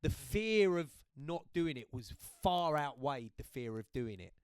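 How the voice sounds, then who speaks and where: A British man in his fifties tells stories with lively energy, often checking in with "right?" His voice sits a little high for a man. The recording is close and dry, with no room sound. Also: measured pace, clear, resonant tone, dry recording. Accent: British English. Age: 50s. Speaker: guest, host's father. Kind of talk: casual podcast chat.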